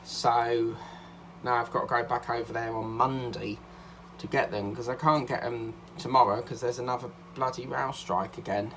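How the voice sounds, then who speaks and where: A man's voice: mid-range voice, fairly even intonation, normal speed, a bit bright, slight background noise. A man, chatting casually as a craft vlogger, a little out of breath and rambling with many fillers and restarts. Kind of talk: casual chat.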